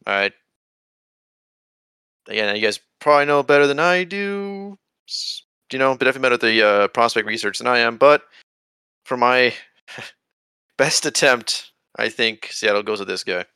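Gravelly, bright-voiced self-deprecating man. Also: mid-range voice, animated, moderate pace, long pauses, dry recording, studio quality. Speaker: podcast co-host. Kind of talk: casual hockey podcast chat.

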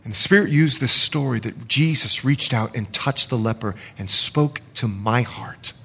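A male pastor preaching a sermon, swinging from loud urgency to hushed confession. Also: medium pitch, normal speed, gravelly, slightly rough.

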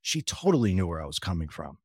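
A man's voice: low voice, very animated, quick pace, darkish tone, breathy edge, no room sound, clean studio sound. A man telling his personal story in a conversational way, retelling what others said with frequent restarts and wry, self-deprecating asides. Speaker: interview guest.

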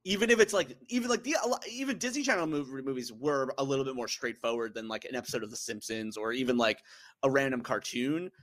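A man's voice: mid-range voice, quick pace, fairly bright tone. A man hosting a podcast, chatting casually and animatedly, laughing often and quoting movie lines in put-on voices. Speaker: podcast host. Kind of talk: casual chat.

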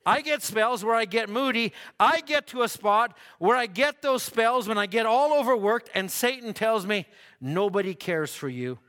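High bright-voiced man preaching in a hall. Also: moderate pace, few pauses. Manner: folksy, repeats himself, laughs at own stories. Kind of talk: sermon.

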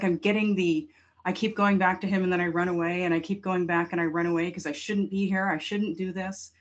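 A woman co-hosting a casual film podcast, telling her views in an animated, expressive way. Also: on the low side. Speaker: podcast co-host. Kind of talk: casual discussion.

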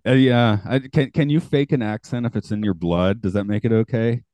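A man with a lowish voice hosting a casual podcast discussion. He is chatty and laughs easily. The sound is dry and close. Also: moderate pace, mellow, no room sound. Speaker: podcast host. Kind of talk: casual chat.

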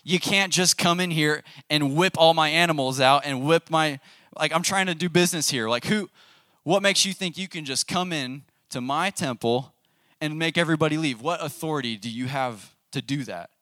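A man playing an indignant merchant who protests in a slightly raised, exasperated voice. The sound is bright and dry. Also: fairly high pitch, normal speed, no room sound.

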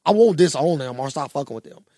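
A young man co-hosting a casual podcast, telling a story in an animated, profane way. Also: fairly high pitch, fast, no echo, clean studio sound. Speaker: podcast co-host. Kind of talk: casual chat.

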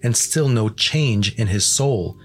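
A man's voice: fairly low pitch, animated, takes it slowly. Man reading as Faithful, earnest devout pilgrim.

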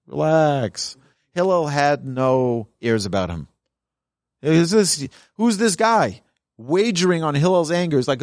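A man's voice: a little high, big pitch swings, unhurried, darkish tone, no echo, clean studio sound. A man, a rabbi, teaching a Talmud class in an earnest, emphatic way. He reads lines from the source text and then explains them in plain speech.

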